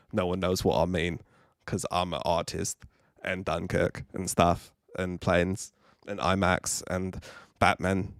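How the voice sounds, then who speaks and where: A pompous auteur director drawls, lower and slower than plain talk, as a man hams up an impression. The sound is dry and close, with no room around it. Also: no room sound. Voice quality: low, drawling, self-important. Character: pompous self-styled artist film director, male. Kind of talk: comic impression on a live stream.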